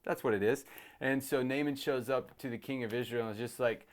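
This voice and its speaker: Animated man retelling a Bible story. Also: mid-range voice. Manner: animated, acts out characters in quick asides. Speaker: youth ministry host.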